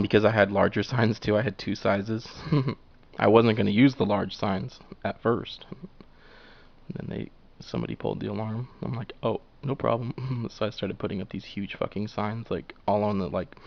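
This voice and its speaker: A man's voice: lowish voice, vocal fry, no room sound. A young man in a casual, profane monologue while drawing, laughing often and full of fillers. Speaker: vlogger drawing on camera. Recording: dull lo-fi home recording.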